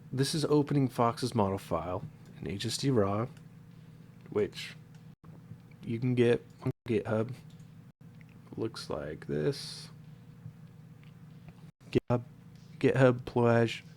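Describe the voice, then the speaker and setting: A man's voice: medium pitch, creaky, darkish tone, a little hiss or hum. A man with a stuffed-up, congested nose, casually walking viewers through a modding tutorial, explaining loosely with fillers and self-corrections. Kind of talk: casual screen-recorded tutorial.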